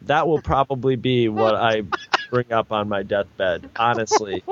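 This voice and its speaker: A man with a lowish voice and measured pace, a storyteller guest, tells a long, casual anecdote, rambling with many restarts and fillers and voicing others' lines in raised tones. The audio is dull.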